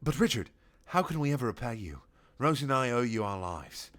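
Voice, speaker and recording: A man voicing an eccentric male time traveller in a quick, polite manner. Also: medium pitch, big pitch swings, fairly bright tone. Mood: eager.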